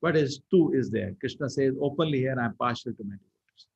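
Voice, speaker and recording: A man giving a lively scripture lecture as a temple preacher, telling stories animatedly. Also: mid-range voice, quick pace, gravelly, slightly rough, no echo. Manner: animated storyteller, acts out quotes. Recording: dull lo-fi recording.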